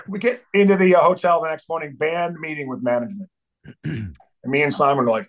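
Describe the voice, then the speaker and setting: Middle-aged drummer guest, foul-mouthed, slightly high voice, acts out quotes. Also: male voice, brisk, a bit bright, rough recording. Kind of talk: animated storytelling.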